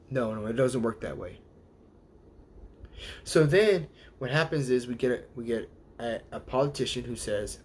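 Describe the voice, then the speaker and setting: A host with a mid-range, slightly rough voice delivers a casual, animated monologue on a live show. He slips into quick impressions of the people he quotes.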